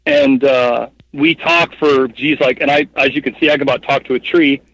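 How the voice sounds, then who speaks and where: A man in his thirties, a podcast guest telling stories casually, rambling with lots of fillers in an animated way. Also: medium pitch, normal speed, dry recording. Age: 30s. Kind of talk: casual storytelling interview. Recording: dull, muffled podcast audio.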